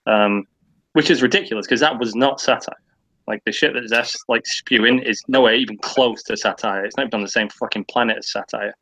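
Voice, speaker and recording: A man's voice: medium pitch, brisk, a bit bright, rough recording. A man on a casual online stream, ranting at length with lots of swearing and filler words. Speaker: guest on a stream. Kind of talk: casual chat.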